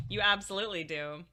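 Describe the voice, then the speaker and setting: A young woman and co-host, chatting casually, teasing and quick to laugh. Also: mid-range voice, pushed and bright. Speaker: co-host and streamer. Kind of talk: casual chat.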